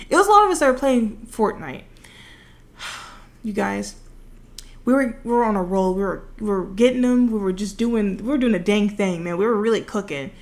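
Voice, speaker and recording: A woman's voice: medium pitch, gravelly. A young woman telling a rambling, casual story over her gameplay footage, full of fillers, recorded at home. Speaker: video creator.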